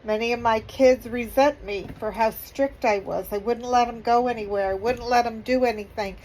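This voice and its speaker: A middle-aged woman vlogging, halting and apologetic, crying as she speaks. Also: a little high, a little mellow, a little hiss or hum, poor audio. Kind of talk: emotional personal vlog.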